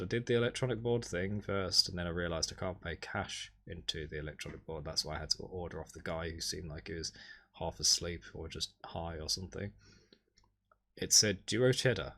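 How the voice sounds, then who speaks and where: A man streaming, casually recapping a holiday over his photos in a rambling, wry way, with sudden excited jumps in pitch. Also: vocal fry.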